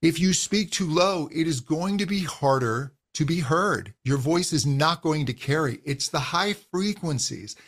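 Man explaining voice technique calmly. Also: a little high, unhurried, few pauses. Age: middle-aged. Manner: calm, instructive, uses physical demonstrations of voice. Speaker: vocal coach. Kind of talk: explanatory interview answers.

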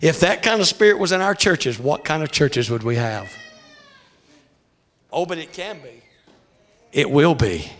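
A man preaching a revival sermon, shouting in a sing-song cadence, his voice wearing out. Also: a little high, animated, measured pace, pauses often.

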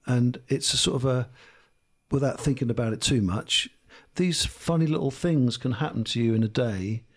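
Gravelly-voiced Suffolk man, chatty and musing. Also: mid-range voice, normal speed. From Lowestoft, England. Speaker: student interviewer. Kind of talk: informal podcast conversation.

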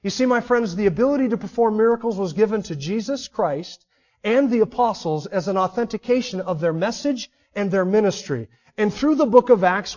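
A high-voiced man with a darkish tone preaches an expository sermon, emphatically pressing listeners with one rhetorical question after another. The recording is dull, muffled, and lo-fi.

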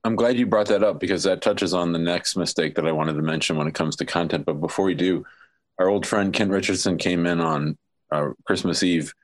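A man's voice: low-pitched, fairly even intonation, brisk. A man with a nasal voice and a slight lisp that makes his S sounds whistle, talking plainly and reassuringly as a podcast co-host. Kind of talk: casual podcast chat.

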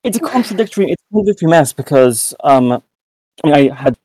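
A man's voice: on the high side, sing-song, fast, warm tone, slightly rough, no echo, poor audio. A young British man, a podcast co-host, talking in a rambling casual way with many restarts and self-mocking asides. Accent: British English. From United Kingdom. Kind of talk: casual chat.

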